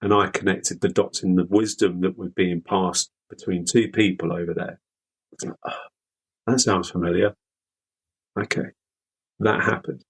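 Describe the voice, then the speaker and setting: A man from the UK, a veteran guest, speaking candidly in an interview with halting, repeated words. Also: sits low, steady tone, vocal fry, breathy edge, low-quality recording. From United Kingdom.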